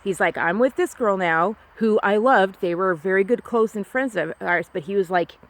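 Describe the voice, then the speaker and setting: A woman's voice: mid-range voice, moderate pace. A young woman from California telling a personal story alone, rambling and confiding, with many restarts and fillers. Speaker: podcast host.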